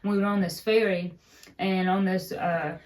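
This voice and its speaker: A woman's voice: mid-range voice, normal speed. Chatty woman with a mountain accent. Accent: Appalachian mountain. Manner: storytelling, relaxed and chatty. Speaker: co-host. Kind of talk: casual chat.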